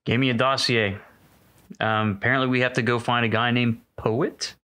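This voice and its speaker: A man's voice: mid-range voice, flat delivery, normal speed, sharp tone. A man playing in a tabletop role-playing game, chatting and describing his character's actions. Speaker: player.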